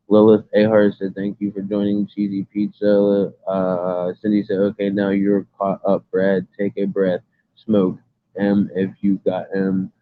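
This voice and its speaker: A man's voice: fairly low pitch, monotone, measured pace, no echo. A man hosting a casual livestream from his phone, reading chat comments aloud and talking in a rambling, earnest, emphatic way. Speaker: livestream host. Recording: tinny phone audio.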